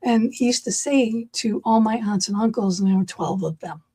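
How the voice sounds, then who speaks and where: Animated middle-aged female host, slightly husky, chatty storyteller. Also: mid-range voice, moderate pace. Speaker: podcast host. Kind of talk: casual podcast conversation.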